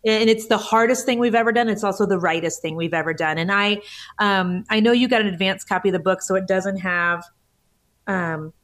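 A woman's voice: medium pitch, a little fast, a bit bright. A woman in her forties, a guest author in a podcast interview, telling her story with a lot of emotion and close to tears. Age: 40s. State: tearful.

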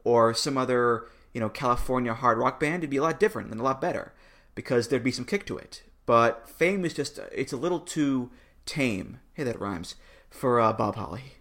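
Male podcast co-host, mid-pitched, wry and joking, casual delivery. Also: animated, normal speed, a bit bright. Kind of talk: casual chat.

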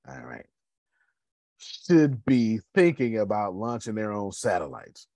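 A man's voice: fairly low pitch, slow pace, long pauses, a little mellow, no echo. A man, talking casually to his listeners about his business, calling them y'all. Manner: conversational, addresses listeners as y'all. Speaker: host. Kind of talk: motivational business talk.

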